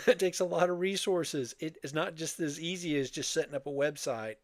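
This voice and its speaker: A man's voice: fairly high pitch, moderate pace, no room sound. An older man co-hosting a podcast, chatting casually in a rambling, wry way and laughing often. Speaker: podcast co-host. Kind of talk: casual chat.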